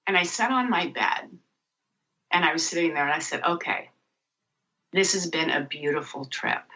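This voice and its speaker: A woman guest on a radio talk show, telling a lively personal story and acting out the dialogue in it. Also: low voice, moderate pace. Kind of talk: storytelling interview. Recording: muffled lo-fi radio audio.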